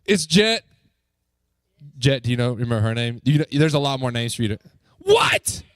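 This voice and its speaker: A man leading a youth group as its pastor, upbeat and joking, coaxing the crowd with quick questions. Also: medium pitch, lively intonation, no echo. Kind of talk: lively talk to a youth group. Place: church youth room.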